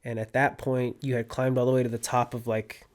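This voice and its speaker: A young man from California, a guest on a podcast, telling a story in a casual, animated way and acting out his own quotes. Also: mid-range voice, a little fast. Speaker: podcast guest, disc golfer.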